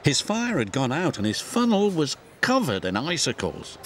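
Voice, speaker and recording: A man giving scripted storybook narration for a cartoon, expressive and gently paced. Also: fairly high pitch, normal speed, hardly any pauses, slight background noise. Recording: music score behind.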